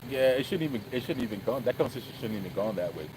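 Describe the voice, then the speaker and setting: Out on city streets, a male vlogger chats casually while riding, talking very fast in a mid-range voice with lively intonation. He tells a story animatedly, acting out quotes and swearing a lot, over a noisy background.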